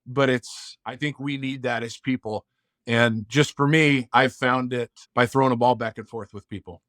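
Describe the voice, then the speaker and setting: A man's voice: medium pitch, steady tone, normal speed, a bit bright, no echo, clean studio sound. Earnest man telling a heartfelt story. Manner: earnest, heartfelt, acts out quoted dialogue. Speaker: podcast guest. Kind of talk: casual interview storytelling.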